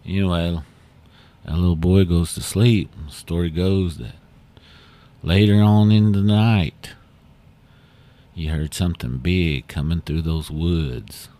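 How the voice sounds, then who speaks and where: A man hosting a podcast who tells a story in an unhurried, folksy way with fillers. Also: deep voice, fairly even intonation, warm tone. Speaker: podcast host. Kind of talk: oral storytelling.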